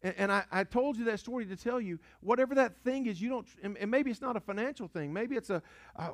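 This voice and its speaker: A pastor with a fairly high male voice preaching a sermon. He tells stories and repeats himself, firing rhetorical questions and answering them himself. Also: brisk, fairly bright tone. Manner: storytelling, repetitive, rhetorical questions and call-and-response.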